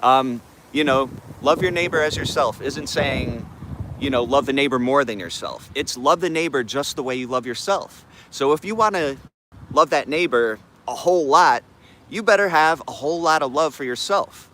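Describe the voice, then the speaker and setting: A man's voice: medium pitch, lively intonation, moderate pace, pushed and bright, a little hiss or hum. A man hosting a live morning affirmation stream, talking in laid-back slang and greeting chat viewers by name. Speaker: livestream host.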